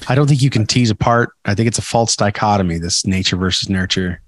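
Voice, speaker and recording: A man's voice: lowish voice, fast, dry recording. A man co-hosting a podcast, chatting casually and rambling with many restarts. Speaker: podcast co-host. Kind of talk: casual chat.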